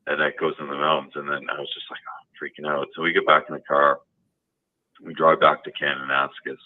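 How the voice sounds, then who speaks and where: A man with an extremely low, booming voice calls in to a talk show and tells his story. He rambles, with plenty of fillers and restarts. His voice comes through a thin, tinny phone line. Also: little pitch movement, brisk. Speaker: caller. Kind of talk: telling a personal story on a call-in show.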